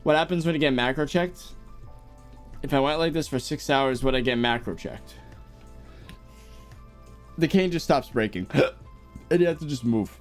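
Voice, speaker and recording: On a live stream with faint music behind him, a young General American–accented man casually responds to viewers' messages. He speaks at medium pitch and moderate pace, pausing often, relaxed and lively in tone, with frequent chuckles.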